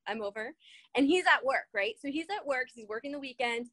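A woman's voice: sits high, lively intonation, fairly quick, a bit bright, no echo. A woman telling stories animatedly in a casual conversation, often laughing as she talks.

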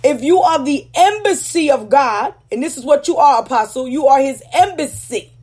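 A woman preaching a teaching sermon to ministers. She speaks emphatically, slows down to stress key words, and keeps checking in with "Okay?". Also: high-pitched, expressive, darkish tone. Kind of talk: teaching sermon with scripture readings.

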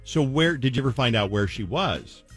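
A man hosting a radio call-in show, animated and incredulous as he recaps a caller's story. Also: mid-range voice, fairly quick, slightly rough, faint music behind. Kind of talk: casual radio chat.

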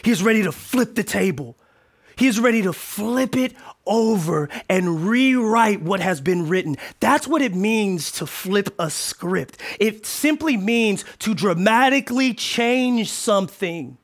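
A man with a high, light voice preaches with playful energy. He drops to near-whispered asides, then climbs into sudden shouts. His delivery is lively and conversational, like he's talking right to the congregation. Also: a little slow. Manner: animated, playful, swings from quiet to shouting. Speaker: pastor. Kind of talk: sermon.

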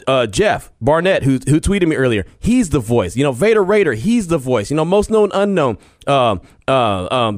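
Earnest sports-talk host, dry sound. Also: male voice, a little high, no echo. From Texas. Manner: conversational and earnest, frequent restarts, laughs easily. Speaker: podcast host. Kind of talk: casual sports talk monologue. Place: home studio.

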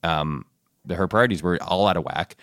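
Low-voiced man talking shop. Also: moderate pace, creaky, fairly bright tone, no room sound, studio quality. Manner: thoughtful, with many restarts and fillers. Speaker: guest, show creator. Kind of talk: casual interview chat.

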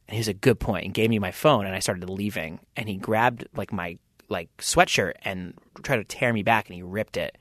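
A man's voice: on the low side, fairly quick, fairly bright tone, no echo, clean studio sound. A man, a band's lead singer, telling rambling anecdotes as a podcast guest and acting out the people he quotes. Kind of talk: casual interview storytelling.

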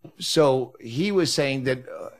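A man's voice: medium pitch, animated, unhurried. A man hosting a podcast in casual chat at home, blunt and profane. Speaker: podcast host.

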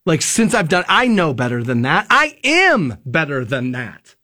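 A man's voice: on the high side, big pitch swings, unhurried, pushed and bright. A man hosting a radio show, telling a personal story casually and acting out both sides of a phone call, with some swearing.

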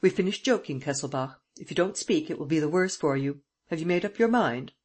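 Cocky, commanding gentleman-burglar man read by a reader, husky tone, middling pitch, audiobook. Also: expressive. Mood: menacing. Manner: brisk, mocking, commanding. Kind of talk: audiobook dialogue reading.

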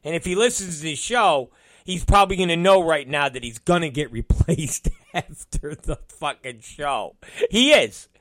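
A man's voice: a little high, expressive, normal speed, fairly bright tone, no echo, studio quality. A middle-aged man hosting a podcast, telling an exasperated story in a profane, casual rant. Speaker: podcast host and wrestling promoter.

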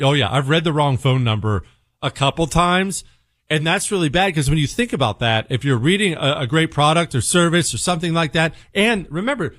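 Animated sarcastic male talk radio host. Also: no echo, studio quality. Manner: sarcastic, animated, swings pitch for emphasis. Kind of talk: opinionated talk radio monologue.

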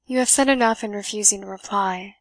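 A stern young gentleman speaks in solemn, commanding tones, as a woman reading aloud puts him on. The sound is dry and close. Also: medium pitch, a little fast, no echo, lightly acted.

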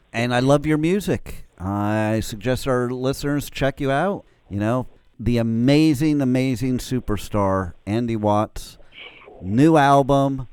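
A man's voice: mid-range voice, a little mellow, smooth, no room sound. A man hosting a radio interview show, upbeat as he wraps up and promotes his guest. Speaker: radio host.

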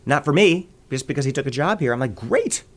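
A man from the American Midwest, a voice actor telling stories in an interview with quick bursts of voices and laughter. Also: mid-range voice. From Midwest United States. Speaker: voice actor guest. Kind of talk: interview conversation.

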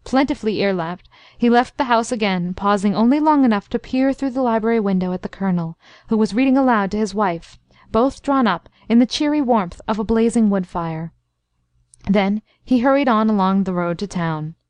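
A woman narrating a classic story in a steady, even storytelling voice. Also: medium pitch, moderate pace, no echo. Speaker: audiobook narrator.

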